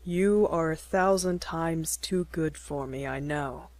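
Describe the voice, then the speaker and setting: A woman reading as an earnest young man, speaking low and tender in a slightly altered voice. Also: takes it slowly, darkish tone, no room sound.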